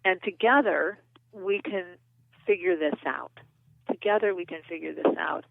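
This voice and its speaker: A woman voicing a gentle, loving female inner nurturer, talking in a soothing, reassuring way over a tinny phone line. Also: sits low, fairly even intonation, unhurried, gravelly, no room sound.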